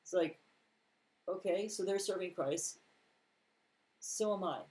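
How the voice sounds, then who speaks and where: A man giving a relaxed Bible commentary, reading verses and then unpacking them in his own plain words. He talks slowly and deliberately, with a mellow, soft-edged tone and the odd dry, sarcastic aside. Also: high voice, low-quality recording. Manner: reads scripture aloud, then comments plainly; conversational, with mild sarcastic asides. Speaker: Bible teacher.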